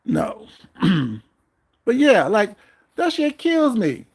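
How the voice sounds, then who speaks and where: A man's voice: high voice, huge pitch swings, very slow, pauses often, darkish tone, slightly rough. Heated, profane man ranting on his vlog. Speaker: vlogger host. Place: at home.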